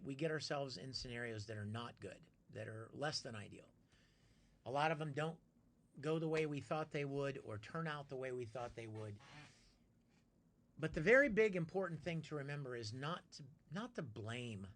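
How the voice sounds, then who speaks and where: A man's voice: mid-range voice, a bit bright. A man hosting a casual live stream, chatty and friendly, answering viewers by name and plugging his projects. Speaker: live streamer reading chat.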